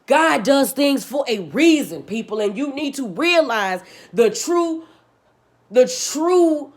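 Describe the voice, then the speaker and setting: This woman vlogger rants fervently and swears heavily, preaching and emphatically repeating herself. She's animated and keeps a moderate pace, her delivery shifting from loud outbursts to low, muted moments.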